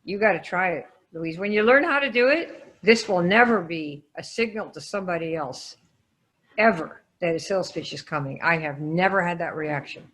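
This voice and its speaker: A woman teaching sales in a live online coaching session, quizzing her audience and calling on listeners by name with lively energy. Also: fairly low pitch, moderate pace. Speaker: sales trainer.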